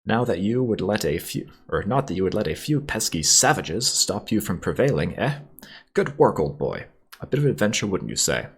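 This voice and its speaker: A man putting on a shrill pompous old English officer. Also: sing-song, moderate pace, husky, exaggerated voice. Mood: blustering. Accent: put-on posh old English. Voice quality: nasal whine, shrill. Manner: blustering, jolly, self-important. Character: pompous shrill older male upper-class officer.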